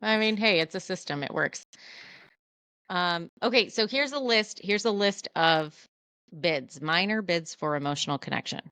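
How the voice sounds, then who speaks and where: Smooth-voiced candid woman podcast co-host. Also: on the low side, normal speed, dry recording. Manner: candid, animated, self-deprecating. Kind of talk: casual conversational podcast.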